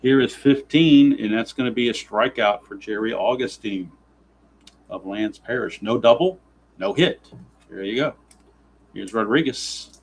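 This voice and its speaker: A man's voice: medium pitch, a little slow, slightly rough, rough recording. A man narrating a tabletop baseball simulation in play-by-play style, grumbling with sarcastic exasperation at the dice.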